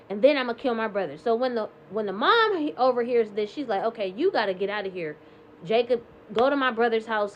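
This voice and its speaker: A Bible reading vlogger, a woman with a slightly high voice, retells scripture passages in her own words, drifting between quotation and paraphrase. Her chatty delivery is full of "like" and "um." The recording has its highs cut off and a faint hiss or hum.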